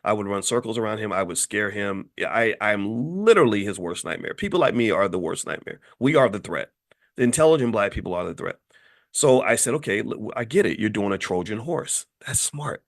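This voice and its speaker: A man hosting an impassioned opinion commentary, swinging from low muttering to high outbursts. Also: lively intonation, a little fast. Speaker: host.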